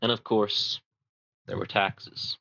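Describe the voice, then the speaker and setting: Lowish male voice, casual history talk, rambling, fillers, dry muffled home recording. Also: level tone, slow, creaky, bright, forceful tone, no room sound. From United States. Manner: rambling, self-deprecating, many fillers. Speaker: amateur presenter.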